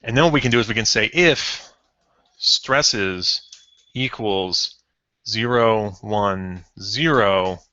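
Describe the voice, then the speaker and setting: Brief: a man coding live, bright, slow, thinking aloud, lo-fi dry mic. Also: on the low side, no echo. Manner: thinks aloud with many ums and self-corrections; chuckles at odd results. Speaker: programmer streaming a coding session. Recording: dull lo-fi stream audio.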